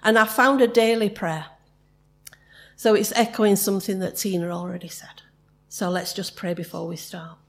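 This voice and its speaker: A woman's voice: medium pitch, fairly even intonation. A middle-aged woman, leading a congregation in spoken prayer and then reading the church notices in a chatty, joking way. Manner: chatty and warm, laughs easily, jokes with the congregation; slow and solemn in prayer.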